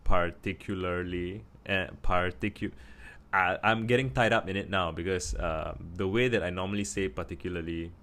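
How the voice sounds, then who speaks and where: A man's voice: deep voice, fairly quick, few pauses, fairly bright tone. A man from Singapore with a Singaporean English accent, talking casually to camera and thinking aloud with many restarts. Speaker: vlogger.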